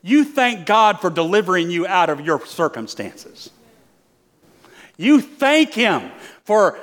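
A man's voice: high voice, big pitch swings, measured pace, a bit bright. An older male pastor preaching a sermon, emphatic, asking the congregation questions and acting out little prayers.

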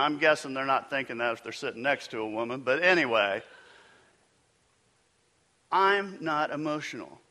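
Man, pastor, relaxed sermon, clear bright tone, slightly high voice. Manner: conversational, engages congregation with questions.

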